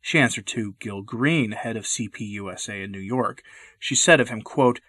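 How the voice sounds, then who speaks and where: A man delivering scripted commentary narration in a measured, deliberate way. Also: fairly low pitch, bright, forceful tone, no room sound.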